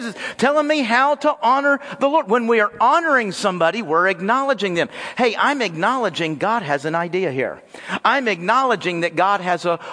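A man preaching a sermon as pastor, lively and addressing the congregation directly. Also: sits high, big-room sound. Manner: animated preaching, talks straight to the congregation. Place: church sanctuary.

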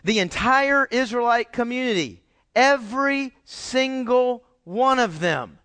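Middle-aged guy preaching, pretty high voice, keeps tossing questions at the crowd, dry sound. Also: animated, takes it slowly, fairly bright tone, clear, resonant tone, no echo. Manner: emphatic, rhetorical questions to the congregation. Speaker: pastor. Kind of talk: sermon.

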